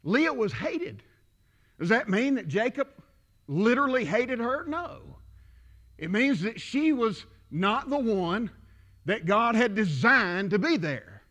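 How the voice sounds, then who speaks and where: A man preaching a sermon, talking to the congregation as if in conversation and swinging between loud declaring and quiet asides. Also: high-pitched, very animated, takes it slowly. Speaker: pastor. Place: church.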